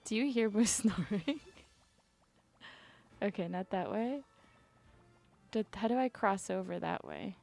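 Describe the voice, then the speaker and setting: A woman chatting to herself while she plays a video game, rambling and giggly, her voice climbing high when she gets nervous. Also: measured pace, gravelly, pauses often, darkish tone, soft background music. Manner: rambling self-talk, giggly. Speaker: streamer. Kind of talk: casual gameplay commentary.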